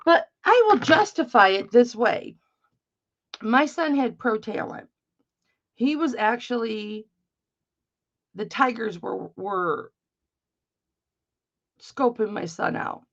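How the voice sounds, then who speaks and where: A woman's voice: fairly high pitch, lively intonation, slow, pauses often. A middle-aged woman hosting a live jewelry auction, chatting casually, swearing freely and greeting viewers by name. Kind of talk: casual chat while selling. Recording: dull lo-fi stream audio.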